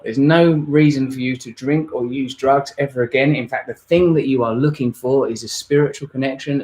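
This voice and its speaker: A man's voice: medium pitch, darkish tone. A man, hosting a rambling, jokey live-stream Q&A. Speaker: host.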